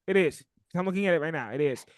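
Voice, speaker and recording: A man co-hosting a podcast, chiming in with quick matter-of-fact remarks. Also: on the high side, lively intonation, dry recording, clean studio sound. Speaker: podcast co-host. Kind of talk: casual podcast chat.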